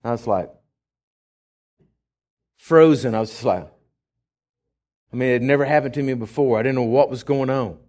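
A man's voice: mid-range voice, normal speed, long pauses, a little mellow. A man preaching in church, telling a story dramatically and laughing as he goes. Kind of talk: storytelling sermon.

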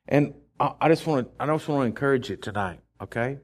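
A man's voice: mid-range voice, animated, fast talker, few pauses. A man preaching in church, telling a story dramatically and laughing as he goes. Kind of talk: storytelling sermon.

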